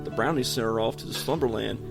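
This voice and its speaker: A man voicing a pushy young man who talks in a loud, coaxing, sneering way. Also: medium pitch, fast, gravelly, music in the background, close to an everyday voice. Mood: sly.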